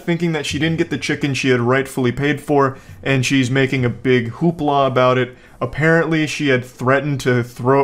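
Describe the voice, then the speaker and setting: A man hosting casual reaction commentary from home, with dry, sarcastic jokes. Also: mid-range voice. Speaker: commentary host.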